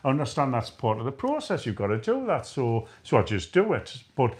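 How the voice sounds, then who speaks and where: A man's voice: mid-range voice, wildly swooping pitch, a little fast, a little mellow. A middle-aged man with a chatty, rambling, self-mocking way of talking, co-hosting a casual live chat. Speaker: co-host of a live chat stream.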